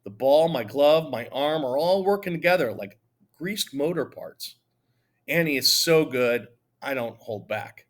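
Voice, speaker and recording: A man reading a children's novel aloud in the first person, lively and conversational. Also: fairly high pitch, a little slow. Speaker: audiobook narrator. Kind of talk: first-person storybook narration.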